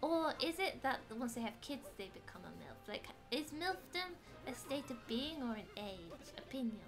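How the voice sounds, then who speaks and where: A woman's voice: high voice, big pitch swings, normal speed. A young British woman chatting playfully while streaming a game, exclaiming as she plays. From Britain. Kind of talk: casual gaming stream chat. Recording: faint background music.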